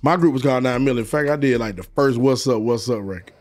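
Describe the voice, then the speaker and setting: Male guest DJ, animated profane storyteller. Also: mid-range voice, very fast, background noise. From Atlanta, US. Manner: animated, profane, acts out quoted voices. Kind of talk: casual storytelling.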